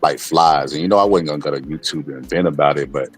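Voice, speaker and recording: A man's voice: rumbling low, fast talker, slightly rough. A man speaking as a guest on a casual livestream chat, earnestly telling stories and giving advice. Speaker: guest commentator.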